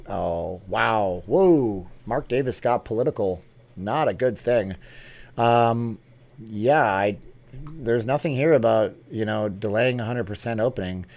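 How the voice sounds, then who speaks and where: A man hosting a casual live stream, chatting and joking as he answers viewer comments off the cuff. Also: medium pitch.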